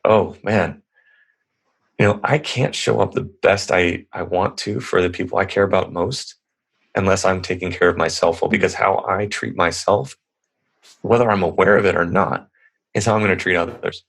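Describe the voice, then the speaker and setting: A man's voice: deep voice, gravelly, fairly bright tone. A man in his thirties, a podcast guest, telling stories in a rambling, earnest, casual way. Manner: rambling, earnest, lots of restarts. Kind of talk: casual conversational storytelling.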